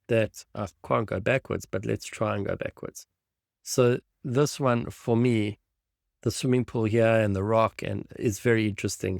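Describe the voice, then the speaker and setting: A man with a low, gravelly voice leads a design tutorial over a screen share. He thinks aloud with enthusiasm as he clicks through images, recorded in a dry, close sound. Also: dry recording. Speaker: design instructor.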